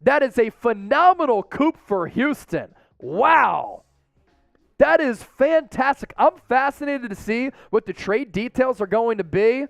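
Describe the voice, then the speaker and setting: High-voiced excitable male stream host. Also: moderate pace, hardly any pauses, dry recording, faint music behind. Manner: excitable, talks straight to the chat. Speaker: host of a live draft stream. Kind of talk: live-stream commentary, chatting with viewers.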